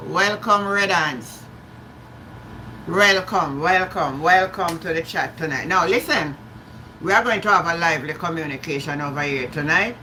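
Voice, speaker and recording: Bright-voiced Jamaican woman live-streaming. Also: fairly low pitch, a little hiss or hum, poor audio. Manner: chatty, greets viewers by name, slips into patois. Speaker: livestream host. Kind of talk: live-stream chat with viewers.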